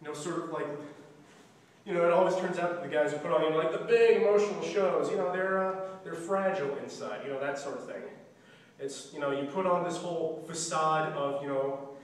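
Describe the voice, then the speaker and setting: A man's voice: on the high side, fairly quick. A young man explains stage blocking in a casual way, singing the music cues and acting out the lines. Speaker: student play director. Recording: echoey hall, distant mic, faint noise.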